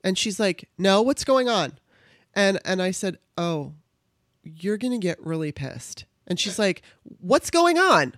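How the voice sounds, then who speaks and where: A woman's voice: fairly low pitch, a little slow, no room sound, clean studio sound. A woman from Southern California telling a personal story in casual chat. She acts out the voices of the people in it and laughs as she goes.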